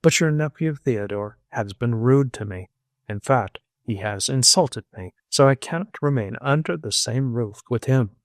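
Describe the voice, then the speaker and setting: A man's voice: medium pitch, expressive, unhurried, no echo, studio quality. A man voicing a cool, firm young woman. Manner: cool and firm, rises when insistent. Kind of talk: audiobook character voice.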